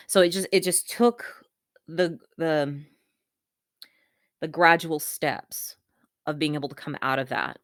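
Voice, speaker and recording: Vlogger, woman, low pitch, earnest and halting, dry close recording. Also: no room sound. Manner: earnest, gentle, halting with fillers and repeats. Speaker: vlogger sharing a coping tip. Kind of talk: candid personal talk to camera.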